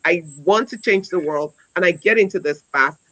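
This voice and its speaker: This educator in her forties has a lowish, fairly bright voice and speaks at a moderate pace, though the audio is poor. Sharing a story conversationally on a wellness talk, she's earnest, with frequent restarts and repeated words. She closes by encouraging her listeners.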